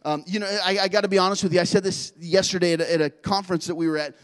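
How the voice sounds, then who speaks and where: Man, preacher, sermon, high voice, intense, emphatic. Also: steady tone, very fast. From not Australian. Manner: intense, driving delivery with loud emphatic rises.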